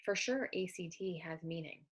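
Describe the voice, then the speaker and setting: A woman's voice: lowish voice, moderate pace, breathy edge. A woman literacy educator giving an explanatory lecture in a conversational way, often asking rhetorical questions.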